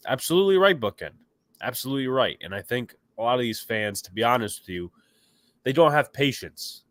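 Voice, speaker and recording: A man's voice: fairly low pitch, fairly bright tone, dry recording. A man hosting a casual sports podcast, opinionated and rambling, with a stuffy nose, reacting to chat comments. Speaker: podcast host.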